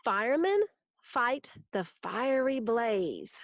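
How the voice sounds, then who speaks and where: A woman teaches a recorded grammar lesson at an unhurried, deliberate pace. She walks through each rule step by step with patience, her voice sitting in the middle of the range. The sound is dry and close, with no room around it. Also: medium pitch, expressive, no room sound.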